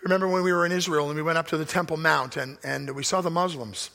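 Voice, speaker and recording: A pastor preaching a sermon, with emphatic delivery that swings from loud declarations to hushed asides. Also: male voice, fairly high pitch, steady tone, fast, creaky, hardly any pauses. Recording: long hall reverb.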